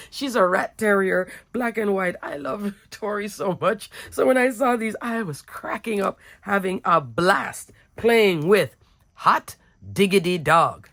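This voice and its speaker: A woman with a raspy, slightly sick voice, casually showing her handmade cards with goofy giggles. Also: mid-range voice, animated, takes it slowly, a bit bright. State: a little sick, hoarse. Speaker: card-making crafter. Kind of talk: casual craft tutorial chat.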